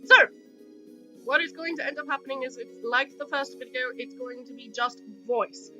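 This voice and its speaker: A woman's voice: high-pitched, normal speed, highs cut off, music in the background. A woman hosting her channel over a webcam call, in rambling, sarcastic casual chat with plenty of swearing and a British-sounding accent. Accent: British-sounding, put on. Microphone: webcam with Skype call.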